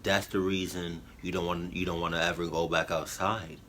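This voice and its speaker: Deep-voiced man rambling through emotional commentary. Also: flat delivery, bright, forceful tone, slight background noise. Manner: halting, full of fillers, emotional. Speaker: YouTube reactor.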